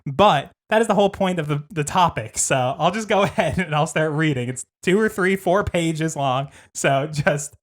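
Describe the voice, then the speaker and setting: A man's voice: a little high, moderate pace, few pauses. A man hosting a podcast, chatting casually and reading a comedy script aloud, often laughing. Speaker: podcast host.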